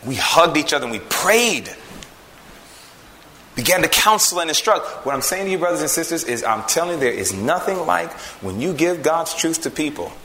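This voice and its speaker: A man preaching a sermon, swinging from loud emphasis to hushed storytelling. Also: on the high side, animated, normal speed, roomy sound, slight background noise.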